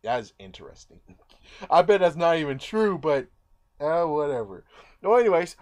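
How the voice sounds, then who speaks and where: A man rambles through a casual recap of a movie, his voice sitting a little high for a man. He jumps into the characters' lines now and then, acting them out with a lot of energy. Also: very animated, normal speed, darkish tone. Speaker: movie reviewer.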